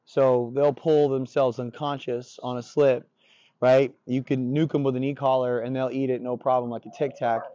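A dog trainer explains his methods on the job in blunt, confident, casual talk, swearing now and then. His medium-pitched voice has a warm tone, a flat delivery, and normal speed. The recording is dull and lo-fi but has no echo.

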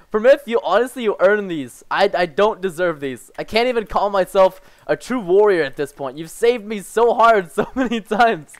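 A man giving excited gameplay commentary as a gaming YouTuber, excitable, jumping between hushed asides and loud yelps. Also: sits high.

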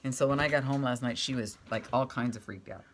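A woman's voice: extremely low pitch, fast, very noisy. A middle-aged woman chatting casually as she makes crafts at home, rambling and talking to her cat now and then. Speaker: craft vlogger.

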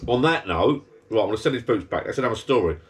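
A man's voice: lowish voice, expressive, fast. Bloke moaning away, casual rambling chat in his backyard bar. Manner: chatty, grumbling rant. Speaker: vlogger. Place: backyard garden bar shed.

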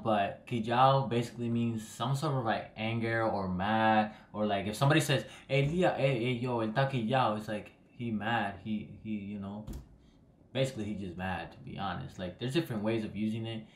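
A man's voice: lowish voice, moderate pace, fairly bright tone. A young Dominican man, talking to the camera in a loose, rambling vlog and trailing off at the ends of his phrases. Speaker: vlogger. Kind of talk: casual vlog explainer. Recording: echoey room.

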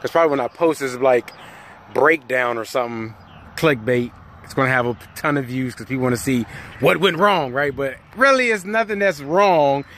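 A man's voice: medium pitch, animated, normal speed, fairly bright tone, a little hiss or hum. A man who drives a truck, talking casually and jokingly into his phone outdoors, rambling. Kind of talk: casual vlog monologue. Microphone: phone held by hand.

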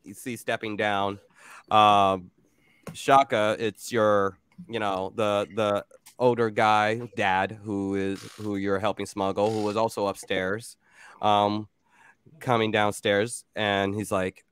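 A man's voice: on the low side, flat delivery, takes it slowly, a bit bright, smooth. A man narrating as game master of a tabletop game, rambling loosely with many fillers.

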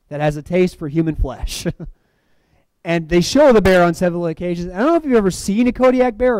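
Animated high-voiced male preacher. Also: dry recording, poor audio. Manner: animated, swings between loud emphatic lines and quiet dramatic drops; acts out movie quotes. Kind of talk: sermon. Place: church.

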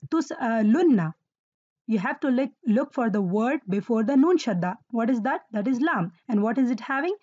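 Woman teacher, slightly high voice, mellow, dry close sound, dull lo-fi recording. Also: no echo. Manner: patient, repeats words for emphasis, quizzes listeners. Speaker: Arabic grammar teacher. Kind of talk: explaining Quranic Arabic grammar.

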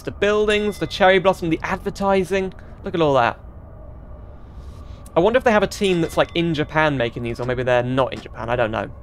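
A man giving let's-play commentary as he drives a train in a game, chatty and thinking aloud, with bursts of excited exclamations. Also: on the high side. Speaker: gaming channel host.

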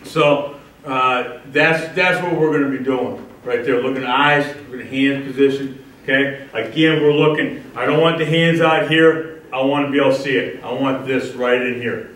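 A man with a mid-range, fairly bright voice coaches defensive line drills at an indoor facility with a wall, speaking at a moderate pace with fairly even intonation. He calls out cues and asks "okay?" during the clinic demonstration, captured echoey by a distant mic.

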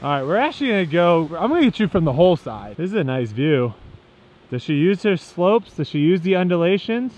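A man's voice: high voice, very animated, a little fast, darkish tone. Joking man calling mini golf like a sportscaster. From Southern United States. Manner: joking sportscaster-style play-by-play. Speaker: vlog host. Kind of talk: playful golf commentary. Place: outdoor mini golf course. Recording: dull lo-fi outdoor audio with faint noise.

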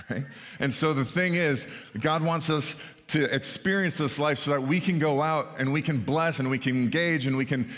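A male pastor with a mid-range, slightly bright voice gives a conversational sermon in a church sanctuary, often checking in with "right?" asides. Long reverb from the sanctuary fills the recording.

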